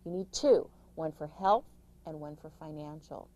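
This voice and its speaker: A middle-aged woman, an author, giving emphatic, rapid-fire caregiving advice in an interview, with frequent restarts. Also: deep voice, dark tone, poor audio. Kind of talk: interview answers.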